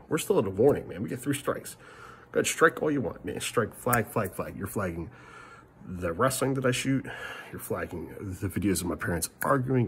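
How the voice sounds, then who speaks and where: A middle-aged man ranting in a vlog monologue, rambling and frustrated, swinging between loud outbursts and muttered curses. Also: low voice, slight background noise. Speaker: family vlogger.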